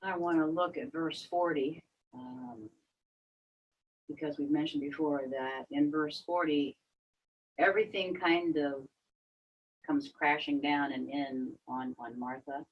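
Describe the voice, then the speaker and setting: A Bible study leader guiding a group discussion, animated and acting out quotes in a raised voice. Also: medium pitch, slow, long pauses, highs cut off.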